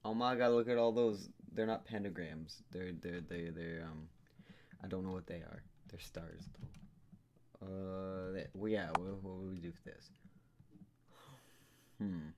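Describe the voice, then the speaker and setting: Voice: sits low, steady tone, a little slow, long pauses. A gamer commentating a puzzle game, rambling, swearing, and muttering and humming to themself. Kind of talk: let's play commentary. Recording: noisy home recording with keyboard clicks.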